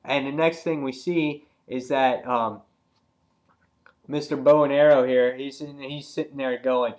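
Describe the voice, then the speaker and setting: A man reviewing a comic book in casual talk, retelling scenes excitedly with many fillers and acting out the characters' lines. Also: mid-range voice, a little slow. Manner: loose and rambling, many fillers.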